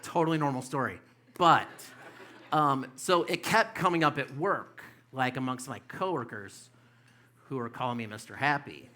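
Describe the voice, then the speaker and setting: A man's voice: on the high side, sharp tone. Rambling man in his fifties doing stand-up. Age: 50s. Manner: loose rambling delivery with frequent fillers and swearing. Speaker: stand-up comedian. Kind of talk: stand-up comedy set. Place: comedy club stage.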